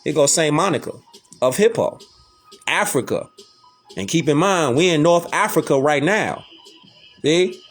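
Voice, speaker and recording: A man's voice: on the high side, animated, unhurried, pauses often, soft background music. A man hosting a casual lecture, talking emphatically in slangy street talk and repeating rhetorical questions. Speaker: host. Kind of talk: casual lecture showing images.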